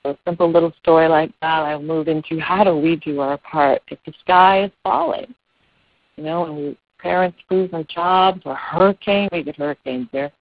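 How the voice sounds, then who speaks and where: Gravelly, soothing yoga teacher. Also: mid-range voice, fairly even intonation, no room sound. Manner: soothing, unhurried, with fillers and repetitions. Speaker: children's yoga and meditation teacher. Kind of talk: calm explanatory talk. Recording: dull dry lo-fi recording.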